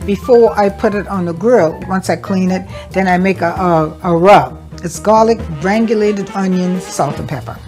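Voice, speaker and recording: A woman's voice: on the low side, moderate pace, hardly any pauses, darkish tone, faint music behind. Woman, homely. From South Carolina, USA. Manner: homely, explaining as she demonstrates. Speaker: caterer and cookbook author. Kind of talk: casual talk while cooking. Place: family yard at an outdoor barbecue.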